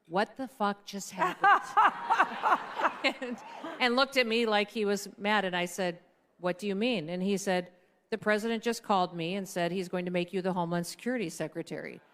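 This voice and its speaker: A woman's voice: medium pitch, a little hiss or hum. A middle-aged woman giving a conversational speech at a political dinner, telling an anecdote and acting out the dialogue of the people in it. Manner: conversational, acts out quoted dialogue. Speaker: guest speaker at a political dinner.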